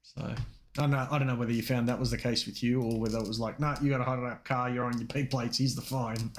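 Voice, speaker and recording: A man's voice: medium pitch, level tone, quick pace, slight background noise. An Australian man co-hosting a casual podcast, telling rambling anecdotes and acting out quoted voices. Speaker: podcast co-host. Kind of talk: casual chat, storytelling.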